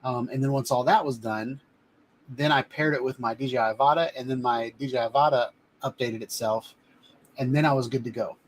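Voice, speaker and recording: A man's voice: medium pitch, steady tone, a little fast. A chatty, rambling man talks casually on his own live stream, voice sitting in an ordinary middle register. He holds items up to the camera from a home studio desk, with a faint hum of background noise. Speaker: live-stream host reviewing drones.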